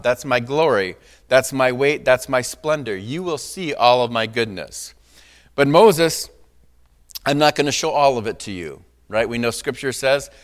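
A man's voice: medium pitch, fairly bright tone. Conversational preaching man. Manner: conversational preaching, frequent "right?" and "Amen?" asides; reads scripture aloud with dramatic emphasis. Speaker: pastor. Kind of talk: sermon.

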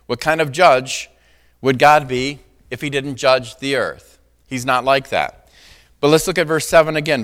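A man's voice: medium pitch, a bit bright. A man preaching a sermon, reading scripture with dramatic emphasis and often checking in with "right?" and "amen?". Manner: conversational preaching, frequent "right?" and "Amen?" asides. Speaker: pastor.

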